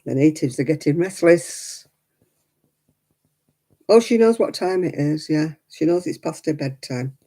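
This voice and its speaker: A woman's voice: low-pitched, expressive, measured pace, pauses often, dark tone. A middle-aged woman chatting casually while knitting on a crafting livestream, cooing baby talk to her dog in between.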